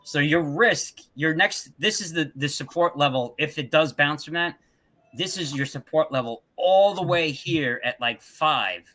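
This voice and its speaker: A man's voice: a little high, a little slow, pushed and bright. A man co-hosting a casual trading livestream, explaining support levels and checking that listeners follow. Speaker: co-host explaining chart levels.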